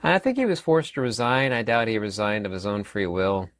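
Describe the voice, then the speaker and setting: A man's voice: lowish voice, brisk, fairly bright tone, no echo, studio quality. A man in his fifties giving a rambling, emphatic opinion monologue as a channel host, often repeating words and using fillers. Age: 50s.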